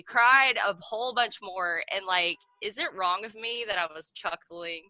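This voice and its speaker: A woman's voice: medium pitch, moderate pace, pushed and bright, dry recording. Rambling woman on a video call. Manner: rambling, packed with "like" fillers. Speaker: meeting participant sharing a story. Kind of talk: casual chat on a video call. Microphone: video call mic.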